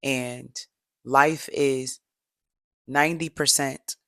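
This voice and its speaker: Middle-aged woman coach with a gravelly voice, chatty and animated, dry recording. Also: rumbling low, extremely slow, no room sound. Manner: animated, talks straight to viewers with repeated "y'all". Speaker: motivational coach and yoga teacher. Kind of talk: casual motivational storytelling to camera.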